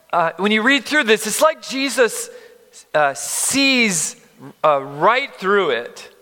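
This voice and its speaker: A man in his fifties preaching a sermon, earnest and emphatic, moving between loud stress and near-whispers. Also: high voice. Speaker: pastor. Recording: long reverb of a large hall.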